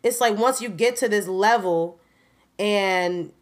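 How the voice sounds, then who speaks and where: A woman's voice: mid-range voice, slow pace. Candid woman in her twenties chatting. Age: 20s. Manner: candid and animated, laughing often, addresses listeners as y'all. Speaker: podcast host. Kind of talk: casual personal update.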